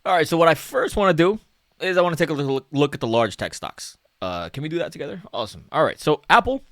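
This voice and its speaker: A man's voice: fairly high pitch, expressive, fast talker, fairly bright tone, no room sound, clean studio sound. A man talking casually through market charts as a stock analyst, chatty and self-mocking, often tagging "okay?" and "right?".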